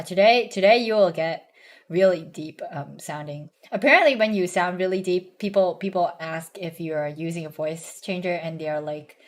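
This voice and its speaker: Young woman streamer, hoarse and kinda low, lots of ums and restarts. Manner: halting, many restarts and ums, self-conscious. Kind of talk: casual chat stream.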